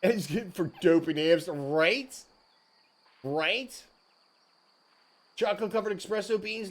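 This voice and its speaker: A man with a high-pitched, animated voice hosts a livestream at a measured pace, chatting casually with viewers. He's jokey, laughs often, and keeps saying "dude" and "frickin'".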